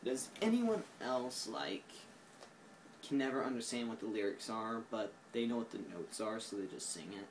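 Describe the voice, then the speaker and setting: A tired vlogger with an Oklahoma accent sits indoors and rambles goofily into his phone, drifting between thoughts and mocking himself. His mid-range voice is expressive at a moderate pace, though the audio is poor with slight background noise.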